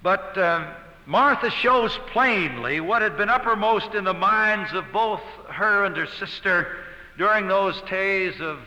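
Man, preacher, bright cutting tone, earnest sermon delivery, long hall reverb. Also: high-pitched, measured pace. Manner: earnest, emphatic, swells on key words. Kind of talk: expository sermon.

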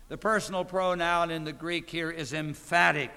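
A man's voice: a little high, steady tone, normal speed, hardly any pauses, sharp tone, smooth, in a large hall. A man preaching a sermon, emphatic, with rhetorical questions to his listeners.

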